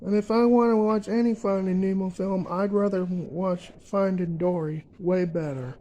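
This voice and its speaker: A young man ranting in a vlog, emphatic and repetitive, filling pauses with uh and um. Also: high-pitched, steady tone, dark tone, poor audio. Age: young adult. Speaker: vlogger.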